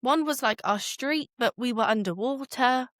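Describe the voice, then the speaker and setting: A woman co-hosting a podcast in casual chat, chatty and quick to laugh. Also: a little high, a bit bright, no echo, clean studio sound. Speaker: podcast co-host.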